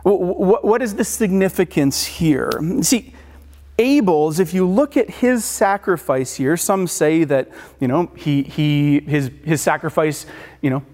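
A man's voice: a little high, unhurried, darkish tone. A man preaching a casual sermon, talking loosely with frequent restarts, fillers and rhetorical questions. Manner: casual, rambling with many restarts and filler words. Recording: long hall reverb.

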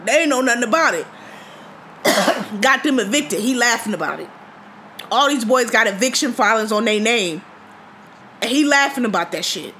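A woman's voice: a little high, animated, moderate pace, pauses often, pushed and bright, a little hiss or hum. A woman hosting a podcast, retelling a story in casual, profane, indignant speech. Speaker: podcast host.

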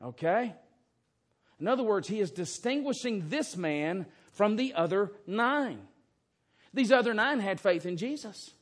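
A man's voice: sits high, animated, moderate pace. A man preaching an expository sermon in a church, emphatic and fond of rhetorical questions. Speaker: pastor. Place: church sanctuary.

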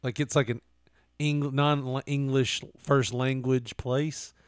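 A man's voice: mid-range voice, flat delivery, slow pace, clean tone, no echo, studio quality. A man co-hosting a podcast in casual chat, joking and laughing a lot as he riffs.

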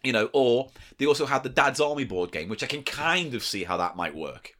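A man's voice: medium pitch, lively intonation, a little fast, fairly bright tone. A man co-hosting a comedy podcast, bantering crudely and laughing often. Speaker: podcast co-host. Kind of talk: casual comedy podcast chat.

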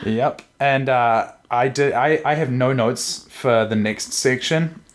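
A man's voice: mid-range voice, slow. A man co-hosting a podcast, chatting casually about a manga, joking and laughing often. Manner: jokey, laughs often, retells scenes in voices. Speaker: podcast co-host.

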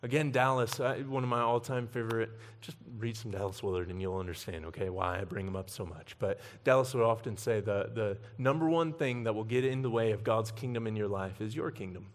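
A man's voice: lowish voice, steady tone, fairly quick, few pauses. A man preaching an evening sermon as pastor, earnest, building emphasis and volume on key points.

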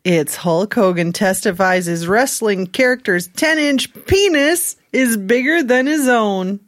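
A woman's voice: mid-range voice, animated, measured pace, no echo, studio quality. A woman co-hosting a podcast, reading a news story with chatty asides and laughing at herself. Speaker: podcast co-host.

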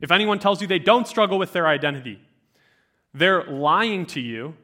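Casting: young male youth speaker, bright tone, slightly high voice, chatty storytelling sermon. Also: normal speed. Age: 20s. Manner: animated storytelling, many fillers.

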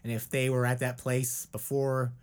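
A man's voice: medium pitch, level tone, normal speed. A man co-hosting a podcast, rambling and joking in casual chat, often restarting his sentences. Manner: rambling and jokey, with many restarts. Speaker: podcast co-host.

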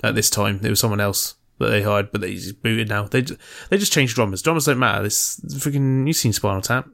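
A man with a dry, sardonic delivery, chatting casually about films and bands. He reels off trivia in a plain, steady voice. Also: on the low side, a little fast, creaky. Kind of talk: casual film chat.

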